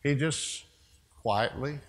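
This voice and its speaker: A man's voice: medium pitch, takes it slowly. A man preaching a sermon as a pastor, telling a story in a loose conversational way with asides. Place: church sanctuary. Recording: long church reverb.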